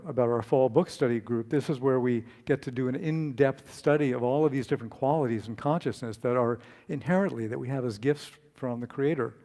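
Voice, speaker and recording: A man preaching a relaxed, conversational sermon, telling a story and speaking with fillers and restarts. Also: mid-range voice. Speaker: speaker and author.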